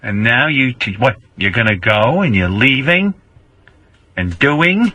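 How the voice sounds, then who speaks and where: A man's voice: medium pitch, expressive, unhurried, pushed and bright, no room sound, pitched above the performer's own voice, low-quality recording. A man playing a nagging, guilt-tripping older mother who acts like a martyr, whining and repeating the same complaints in a comic improvised bit. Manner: whiny, theatrical, repeats complaints.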